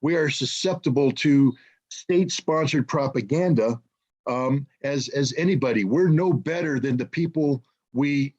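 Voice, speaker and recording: A man's voice: mid-range voice, unhurried, a little mellow, highs cut off. A man from the United States speaking as a guest on an online panel, impassioned and indignant, often restarting his sentences. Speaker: guest commentator.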